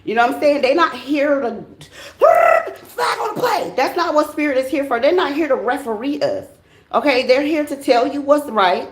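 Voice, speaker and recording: An American tarot reader with a high-sitting voice talks fairly quickly in a roomy-sounding space. Her casual monologue is blunt, profane and animated, full of slang.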